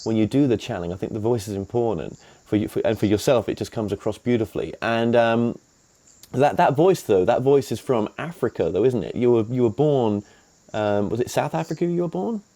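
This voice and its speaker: A man's voice: medium pitch, lively intonation, a little fast, warm tone. A man hosting an interview, rambling a little with frequent restarts. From England. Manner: rambling, many restarts and fillers. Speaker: host. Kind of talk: interview host chat.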